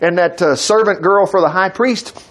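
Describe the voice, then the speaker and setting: A man preaching a sermon in a conversational way, reading scripture aloud and acting out quoted voices, with sudden loud peaks and soft drops. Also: high-pitched, normal speed.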